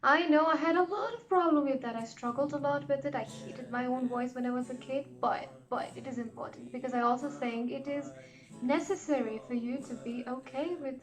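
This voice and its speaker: A woman vlogger giving casual, encouraging advice, chatty and full of asides. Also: high-pitched. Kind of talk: casual advice chat to camera.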